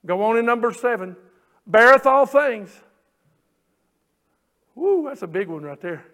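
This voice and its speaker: A man's voice: sits high, very animated, a little fast. A man preaching a sermon to his church, drawing out scripture phrases and building emphasis. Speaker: pastor. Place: church sanctuary.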